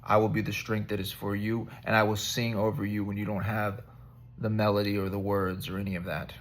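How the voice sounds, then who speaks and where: A man's voice: fairly low pitch, little pitch movement, fairly quick. A man giving a rambling, conversational devotional talk to his viewers, joking at himself as he encourages them. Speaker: vlogger giving spiritual encouragement.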